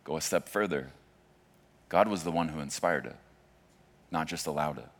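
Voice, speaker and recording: Low-voiced pastor preaching to a congregation. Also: male voice, moderate pace. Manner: conversational preaching, swings from hushed to loud. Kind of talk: sermon.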